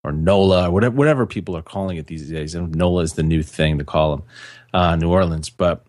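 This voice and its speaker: A man chatting casually on a podcast with a fairly low voice. He rambles and restarts his sentences, full of ums and you-knows. The close mic sounds dry, with no room around it. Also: fast, darkish tone, no room sound. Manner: rambling, many fillers and restarts, laughs easily. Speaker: podcast co-host.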